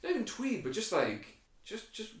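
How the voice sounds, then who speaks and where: A man's voice: sits high, moderate pace. An Irish man in casual chat, swearing freely and restarting his sentences as he gets worked up. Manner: profane, animated, lots of restarts. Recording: very echoey room, distant mic.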